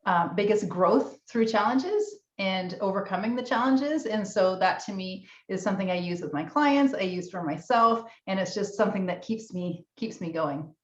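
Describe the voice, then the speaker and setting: A woman's voice: mid-range voice, normal speed, hardly any pauses. A woman in her forties, a guest on a podcast, speaking in a cheerful, upbeat way. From Canada. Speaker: guest, fitness convention founder. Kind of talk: casual interview chat. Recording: roomy, dull lo-fi sound.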